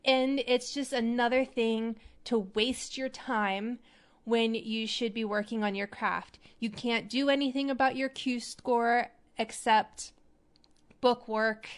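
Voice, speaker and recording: A woman hosting an acting advice show, talking in a chatty, animated way. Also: on the high side, slow, smooth. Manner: chatty, animated, demonstrates voices. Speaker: podcast host.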